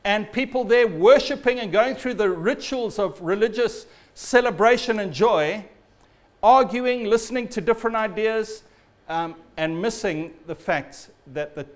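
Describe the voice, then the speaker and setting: A man preaching a sermon in a storytelling way, often dropping low and quiet at the ends of phrases. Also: measured pace.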